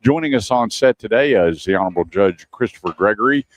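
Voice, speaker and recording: A man's voice: on the low side, expressive, fast talker. A man hosting a radio talk show from outdoors, telling stories and laughing often. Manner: chatty storyteller, laughs often. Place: outdoors at a shooting range.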